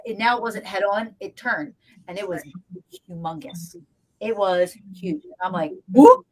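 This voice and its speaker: Animated woman telling a story. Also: medium pitch, rough recording. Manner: animated, acts out voices in her story. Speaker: guest paranormal investigator. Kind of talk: casual storytelling chat.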